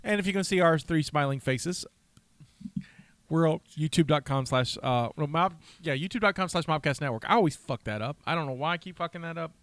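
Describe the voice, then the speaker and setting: Brief: chatty man, slightly high voice, jokey podcast co-host who laughs a lot and swears offhand. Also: fairly quick, no room sound. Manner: loud, jokey, laughs often, swears casually. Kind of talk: casual chat.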